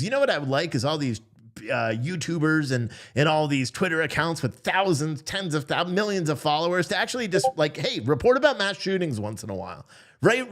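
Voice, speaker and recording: A man hosting a profane, sarcastic political commentary rant. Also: fairly high pitch. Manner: animated, profane, sarcastic, mocking impressions.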